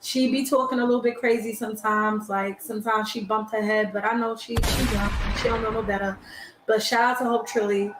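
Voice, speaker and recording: A woman's voice: a little high, fairly even intonation, fairly quick. A woman in her twenties, a battle rapper, chatting bluntly and casually in slang during an interview. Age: 20s. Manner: blunt, slangy, talks over others. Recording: echoey room with faint noise.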